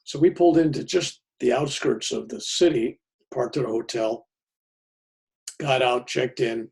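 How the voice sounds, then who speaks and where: A man tells a personal story in a plain, folksy way. His voice is heavily gravelly and rough, and the tone stays raspy throughout. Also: medium pitch, unhurried, a little mellow. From United States. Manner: plainspoken and folksy, with many fillers and restarts. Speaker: pastor.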